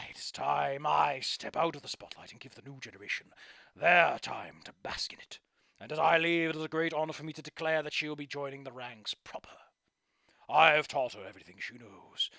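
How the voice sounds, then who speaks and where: A man's voice: a little high, creaky, bright, forceful tone, dry recording, clean studio sound, full character voice. A man voicing an old male raptor fire performer, grand and theatrical, handing over leadership. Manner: grand theatrical showman speech.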